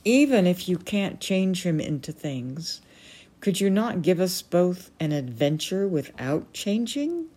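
A woman's voice: fairly low pitch, very animated, slow pace, dark tone, exaggerated voice. A woman reading aloud, voicing an eager, curious young boy in a storybook.

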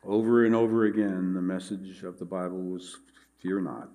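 A man preaching a sermon, reading scripture and speaking in a measured, earnest way. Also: low-pitched, fairly even intonation, mellow. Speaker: pastor.

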